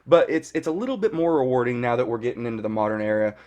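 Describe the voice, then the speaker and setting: Thirty-ish dude rambling through a show recap, lots of "you know", mid pitch. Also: male voice, animated, very fast, a little mellow, dull audio. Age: 30s. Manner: rambling, peppered with "you know" and mild cursing. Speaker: fan reviewer. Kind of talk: casual episode recap.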